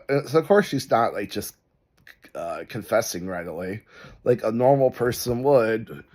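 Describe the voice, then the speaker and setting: A man's voice: mid-range voice, expressive, measured pace. Rambling man telling a story. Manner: rambling, full of "like" and "uh". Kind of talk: casual storytime commentary.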